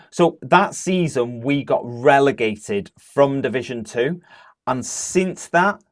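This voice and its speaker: A middle-aged man co-hosting a casual podcast, chatty and full of fillers as he tells stories. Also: medium pitch. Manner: chatty, many "uh" fillers, storytelling. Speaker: podcast co-host. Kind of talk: casual chat.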